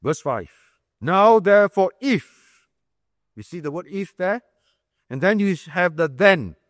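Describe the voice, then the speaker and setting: A man's voice: on the high side, fairly bright tone, dry recording, studio quality, in a large hall. A male pastor preaching a sermon, emphatic, repeating key phrases and quizzing the room like a teacher. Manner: explains like a teacher, asks the room questions.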